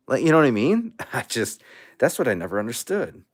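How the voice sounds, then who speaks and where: A man's voice: mid-range voice, brisk. A man hosting a casual livestream, out of breath and rambling with many restarts. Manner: rambling, animated, restarts often. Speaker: livestream host.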